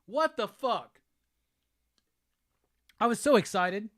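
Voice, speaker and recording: Excitable, cursing male host. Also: sits high, a little slow, long pauses, no echo, clean studio sound. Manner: excitable, profane, exclamatory. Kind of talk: casual livestream unboxing chat.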